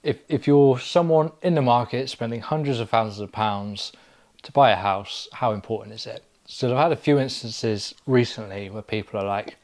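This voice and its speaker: A man co-hosting a podcast, an estate agent who talks in a relaxed, reflective way in a living room. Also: medium pitch, moderate pace. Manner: relaxed, reflective, builds points with lists. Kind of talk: casual conversation.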